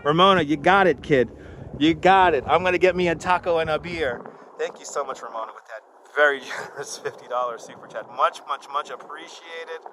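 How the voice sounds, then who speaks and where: A man hosting a live walking tour stream outdoors by a harbor, excitable and out of breath, thanking donors effusively through a clip-on mic. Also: fairly high pitch, brisk, a little hiss or hum, poor audio. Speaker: livestream host. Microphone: wireless clip-on mic.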